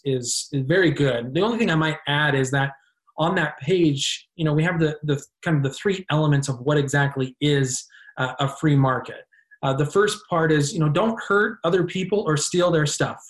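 A man with a somewhat high-pitched voice talks through his ideas in a relaxed political discussion. He explains step by step and leans on fillers as he builds each point. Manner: measured, explanatory, filler-heavy. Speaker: guest.

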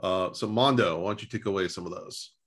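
A man hosting a podcast interview, asking questions in a measured way with a few hesitations. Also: low-pitched, a bit bright. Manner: measured, uses hesitation fillers. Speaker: podcast host.

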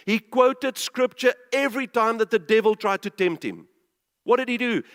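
A man preaching a sermon, emphatic and full of rhetorical questions, urging his listeners to pay attention. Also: high voice. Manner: urges listeners to pay attention, repeating himself. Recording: long reverb of a large hall.

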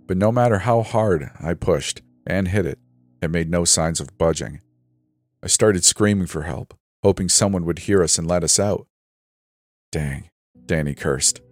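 Male horror narrator, very deep voice, steady and suspenseful, faint music underneath. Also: dry recording. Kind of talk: first-person scary story narration.

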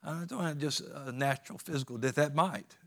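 A man's voice: on the high side, fast, vocal fry. A man preaching a sermon in a folksy, emphatic way, with plain rural grammar.

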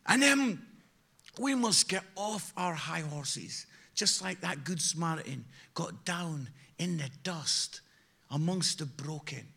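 British man, preacher, sermon with anecdotes, energetic, loud then quiet, very bright sharp tone. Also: on the high side, slow pace, creaky, slightly rough. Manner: energetic, shifts from loud exhortation to quiet asides. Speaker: guest preacher. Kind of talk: sermon with humorous storytelling.

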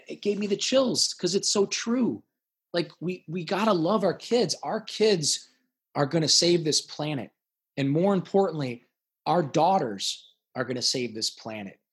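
A middle-aged man talks as a podcast guest with a raspy, husky voice sitting slightly high. He speaks with raw intensity and emphasis, repeating words as he pushes his points. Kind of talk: emotional interview talk.

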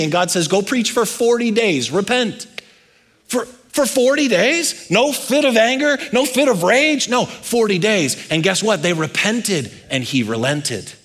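A man's voice: on the high side, a bit bright. A man preaching a sermon as pastor, emphatic, with rhetorical questions and rhythmic lists.

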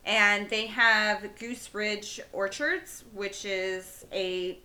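Woman, young adult, podcast co-host, casual chat, jokey, giggly, bright voice. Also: medium pitch, steady tone, drawn-out words.

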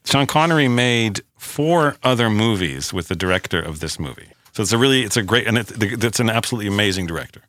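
Low-voiced host asking dry questions. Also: male voice, animated, fast, few pauses, fairly bright tone, dry recording. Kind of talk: comedy podcast banter.

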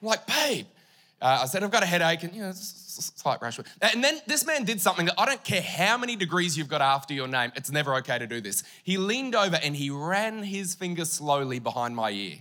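A young Australian pastor preaches, spinning a story with comic asides to his congregation. His voice sits high, with a bright tone. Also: big pitch swings, fairly quick. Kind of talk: humorous sermon.

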